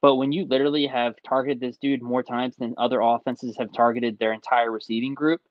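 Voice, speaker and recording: A man's voice: medium pitch, flat delivery, fairly quick, dry recording. Male podcaster analyzing football, slightly dull sound. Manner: hesitant, builds points with "I mean" and "I think". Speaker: podcast co-host. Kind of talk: casual sports analysis.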